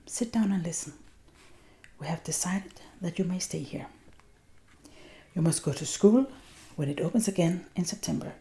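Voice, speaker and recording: Danish-accented woman as a firm no-nonsense spinster, whispered role-play, gravelly low tone. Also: normal speed, pauses often, warm tone, close to an everyday voice. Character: stern but fair middle-aged spinster.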